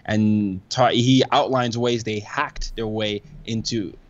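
A man's voice: lowish voice, steady tone, slow, lo-fi sound. A man talking as a podcast guest in casual conversation, eager, restarting sentences often. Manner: enthusiastic, frequent restarts and laughs. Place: New York.

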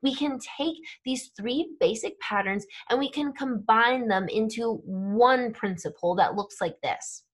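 Higher-voiced woman teaching with patient clarity. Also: a little slow, few pauses. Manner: clear, patient explaining with frequent "right?" and "okay?" check-ins. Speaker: language teacher. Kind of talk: explaining grammar to camera.

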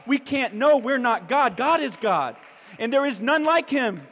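A man with a high voice preaches a sermon at an unhurried pace. He repeats key phrases for emphasis and rises to exclamations, and a long hall echo trails behind his words in the church sanctuary. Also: big pitch swings, a bit bright. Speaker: pastor.

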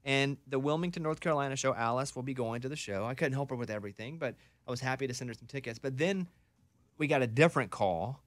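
A man radio host talks fast and keeps the chat upbeat. His voice is mid-pitched. The studio sound is close and dry, with no room echo. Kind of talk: morning radio talk. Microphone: studio mic.

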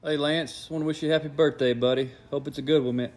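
A man's voice: fairly high pitch, steady tone, fast, a little mellow. A man giving a casual, friendly birthday greeting. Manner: casual and friendly, calls him buddy. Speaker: relative passing the phone.

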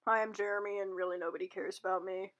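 Speaking quickly in a medium-pitched, steady, fairly bright voice, a woman gives playful comedic commentary on drawings she made. Goofy asides, put-on voices, and little sung snippets pepper her jokey delivery.

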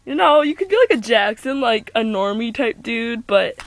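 A woman's voice: a little high, very animated, moderate pace. A young woman playing out a homemade doll play, playful as she voices several characters.

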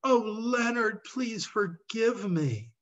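A remorseful herbalist woman with failing eyesight, as a male storyteller voices her, wailing her apologies in a slow, husky voice. The recording sounds dull and muffled. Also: fairly high pitch, a bit bright, recorded from a distance.

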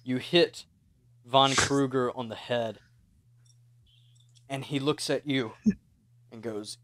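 A man narrating as game master of a tabletop horror game, in a measured, descriptive way. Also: medium pitch, steady tone, a bit bright.

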